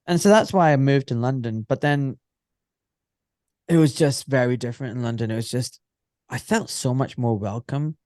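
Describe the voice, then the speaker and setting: A man's voice: medium pitch, expressive, fairly quick, darkish tone, dry recording, clean studio sound. A Scottish man in his forties, an orthopaedic surgeon, telling stories in a casual, rambling interview full of filler phrases. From Scotland.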